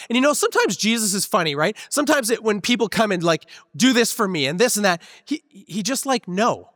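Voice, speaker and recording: A man with a fairly high voice preaches a sermon in an easygoing, conversational way, mixing in stories from his own life. His voice sits close to the mic while a long church-hall reverb trails behind it. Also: big pitch swings, a little fast, hardly any pauses, fairly bright tone. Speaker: pastor. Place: church sanctuary.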